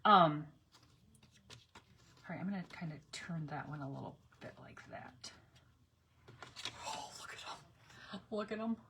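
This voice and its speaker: Middle-aged woman, crafting vlogger, bright chatty delivery, slightly low pitch. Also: animated, normal speed, long pauses, slight background noise. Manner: rambling storyteller with laughs and asides. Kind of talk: casual chatty craft vlog.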